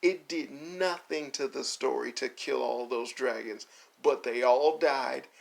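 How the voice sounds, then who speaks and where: A man's voice: mid-range voice, creaky. A man in a casual, exasperated rant reviewing an anime, swearing and laughing as he mocks the characters. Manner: mocks characters in quick put-on voices. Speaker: video essay host.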